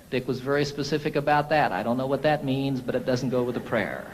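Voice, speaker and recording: A man's voice: medium pitch, a little fast, hardly any pauses, big-room sound, slight background noise, poor audio. A man, a singer-songwriter, telling a story to his audience between songs in a folksy, chatty way.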